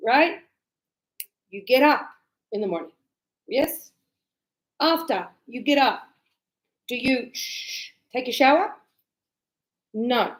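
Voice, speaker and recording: A young woman teaching an English grammar lesson to a class. She speaks patiently and repeats key phrases so students can follow. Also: high voice.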